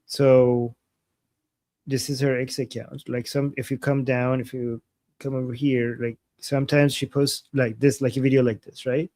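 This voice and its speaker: A man's voice: medium pitch, little pitch movement, moderate pace, mellow, no room sound. A man co-hosting a live stream in casual chat, rambling and restarting his sentences with lots of "like.". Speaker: co-host of a live analysis stream.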